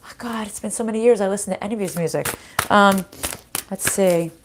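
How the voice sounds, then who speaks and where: A woman's voice: medium pitch, a little fast, noisy background. A woman from the United States giving a casual tarot card reading. She talks bluntly, swears freely and laughs often. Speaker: tarot reader. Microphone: desk microphone.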